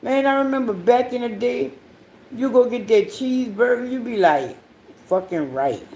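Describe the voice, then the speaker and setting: A woman hosting her own podcast, telling rambling, profanity-heavy stories in a casual monologue, swinging between loud outbursts and low mutters. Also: moderate pace, slight background noise. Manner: profane, rambling storytelling with frequent swearing. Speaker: podcast host.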